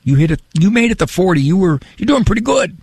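A man's voice: sits high, big pitch swings, fast talker, darkish tone, slightly rough, dry recording. A man hosting a radio call-in show, talking loosely and repeating himself as he goes. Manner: rambling, repeats words, chuckles at own story. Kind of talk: conversational call-in talk. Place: radio studio. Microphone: studio mic.

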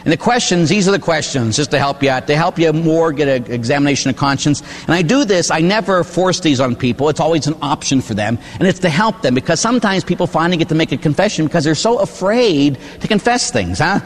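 An older man, a priest, preaching a sermon with animated storytelling, acting out the people he talks about. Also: fairly high pitch, quick pace, few pauses. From Pittsburgh area, USA. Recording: long hall reverb.

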